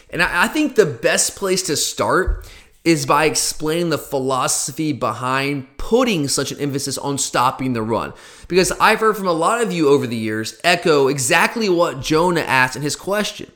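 Male podcast host, somewhat high voice, earnest solo explainer who circles back and repeats points. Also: sharp tone. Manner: earnest, repeats himself, talks directly to listeners.

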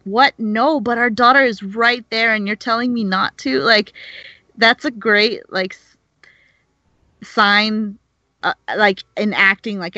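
Woman, bright tense voice, casual chat, rambling with fillers, dry dull recording. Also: medium pitch, no echo. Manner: rambling, many restarts and "like" fillers, opinionated. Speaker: podcast co-host discussing a TV show.

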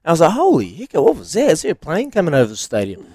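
A man with a very lively, swinging intonation tells a story on a chatty podcast. His voice sounds close and dry, with no room around it. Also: fairly high pitch, quick pace, dry recording. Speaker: podcast co-host, former player. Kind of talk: casual storytelling chat.

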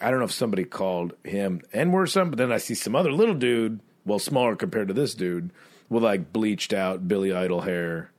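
A man co-hosting a podcast in casual chat, telling a rambling bar story and mimicking people in high squeaky voices. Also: a little mellow. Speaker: podcast co-host.

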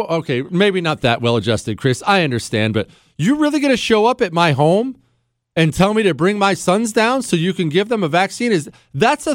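Indignant man ranting, high and lively. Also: no room sound, studio quality. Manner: indignant, emphatic, rhetorical questions. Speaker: podcast host. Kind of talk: ranting political commentary.

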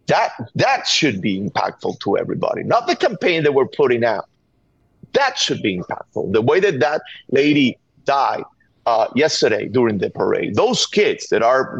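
A middle-aged man with a Venezuelan Spanish accent, originally from Venezuela, is a gun violence activist guest on a call-in interview. His medium-pitched voice is slightly rough with no echo, heard over a dull, dry remote line, and he argues earnestly and urgently, repeating words often.

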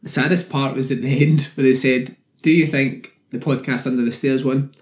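A man's voice: medium pitch, steady tone, normal speed. A man co-hosting a podcast, chatting casually with dry, teasing, sweary humor. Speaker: podcast co-host. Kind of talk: casual chat. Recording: roomy echo.

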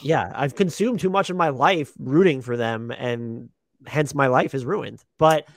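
A man co-hosting a casual sports podcast, talking fast with profane, self-deprecating banter. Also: medium pitch, no room sound, studio quality. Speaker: podcast co-host.

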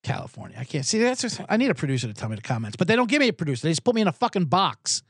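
A man's voice: fairly high pitch, big pitch swings, racing, fairly bright tone, breathy edge, no echo, clean studio sound. A man hosting a sports betting podcast, ranting sarcastically with plenty of profanity. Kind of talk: comedic sports rant.

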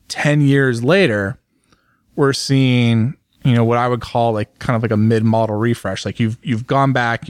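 A man reviewing motorcycles in a casual podcast chat, talking in an animated, rambling way with lots of fillers and restarts. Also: mid-range voice, no echo, clean studio sound.

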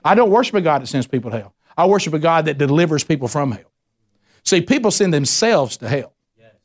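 A man's voice: a little high, sing-song, fairly quick. A man preaching a sermon, folksy and conversational, asking the congregation to answer back. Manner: preaching with call-and-response questions to the congregation; folksy, says y'all, tells anecdotes. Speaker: pastor.

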